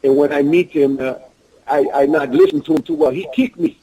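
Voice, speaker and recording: A man's voice: a little high, sing-song, brisk, gravelly, warm tone, low-quality recording. An older man with a Russian accent speaking broken English as an interview guest, often talking about himself in the third person. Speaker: guest, pro wrestler. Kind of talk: casual interview talk.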